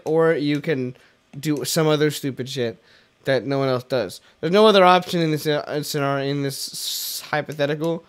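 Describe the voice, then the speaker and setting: A man's voice: on the high side, fairly even intonation, moderate pace, clean tone. A young man hosting a let's play, rambling jokily and self-deprecatingly as he plays. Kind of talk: casual gameplay commentary.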